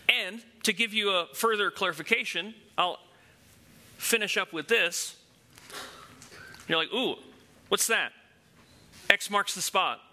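Guy preaching in a church, talks through it like a class, asks the room questions, bright voice. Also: sits high. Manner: teaching, conversational with rhetorical questions. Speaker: pastor. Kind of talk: sermon.

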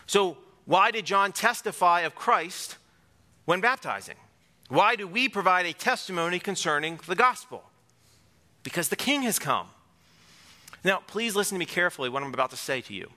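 Male pastor, earnest sermon delivery, slightly high and bright. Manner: earnest, emphatic, reads scripture aloud. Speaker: preacher.

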